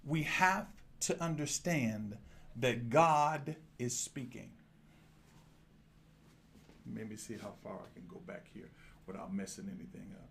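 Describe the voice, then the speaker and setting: A pastor with a medium-pitched voice preaches a lively sermon, speaking a little slowly with frequent pauses. He addresses his congregation directly while moving a handheld mic around, and there's a slight hiss or hum.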